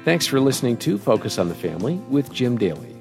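A man's voice: medium pitch, very animated, quick pace. A man co-hosting a radio show, delivering a polished, scripted outro. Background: music bed.

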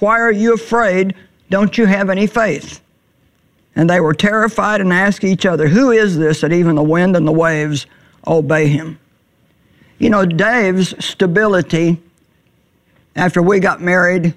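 A middle-aged woman teaching the Bible in a sermon, earnest and plainspoken, slowing down on words she wants to stress. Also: fairly low pitch. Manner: earnest, plainspoken, slows for emphasis.

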